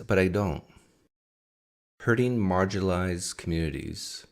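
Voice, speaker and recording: Male live stream host, lowish voice, combative, keeps pressing questions. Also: animated, a little slow, vocal fry. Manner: argumentative, fires off rhetorical questions. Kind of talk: casual live stream commentary.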